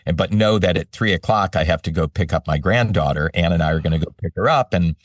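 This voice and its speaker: An older man, a voice-over artist, telling animated stories in a casual interview. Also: deep voice, fast talker, no room sound, clean studio sound, distant mic.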